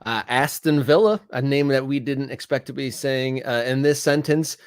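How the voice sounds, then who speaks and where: A man co-hosting a soccer talk show, speaking in an easygoing, halting way with many fillers. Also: medium pitch, clean tone, no echo. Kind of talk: casual sports talk.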